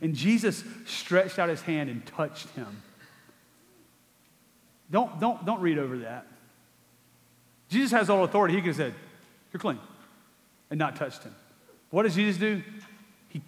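A man's voice: fairly high pitch, very animated, normal speed, pauses often. A man preaching a sermon in a conversational way, asking rhetorical questions and repeating words for emphasis. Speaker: pastor. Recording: long hall reverb.

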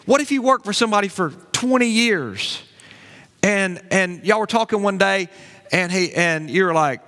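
A man preaching a sermon as pastor, animated and conversational, with folksy asides to the congregation. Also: high voice, unhurried, long reverb tail.

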